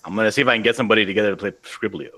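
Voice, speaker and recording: A man's voice: lowish voice, racing, sharp tone. A man who is a guest on a live stream, chatting casually and teasing in a mock-offended way. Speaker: guest artist.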